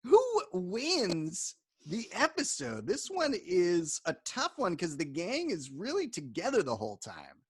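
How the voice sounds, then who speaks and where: Recapping an episode in casual chat, this podcast co-host laughs frequently and swears offhandedly. He has a high voice with huge pitch swings and a breathy edge, speaking unhurriedly, with no echo in the recording.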